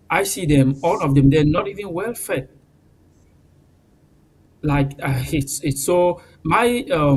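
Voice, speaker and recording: A man speaking as a guest on a TV news panel, halting and emotional, with frequent fillers. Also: on the high side, darkish tone, husky, poor audio. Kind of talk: live TV panel discussion.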